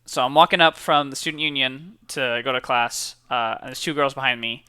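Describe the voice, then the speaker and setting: A young college student with a medium-pitched, brisk, sharp voice chats upbeat and casual to camera, giving a motivational talk full of fillers and repeated words. The studio sound is clean, with no room sound.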